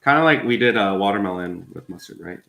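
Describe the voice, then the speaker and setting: A man's voice: on the low side, lively intonation, fast, vocal fry, pushed and bright, echoey room. A man co-hosting a live cooking stream, chatting casually and walking through each step as he cooks in a home kitchen. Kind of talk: casual chat while cooking.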